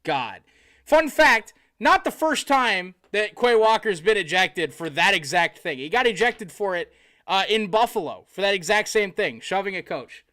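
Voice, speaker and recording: High-voiced, bright-toned exasperated male commentator. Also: expressive, moderate pace. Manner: exasperated ranting with bursts of sarcasm. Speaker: sports streamer. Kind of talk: live game commentary.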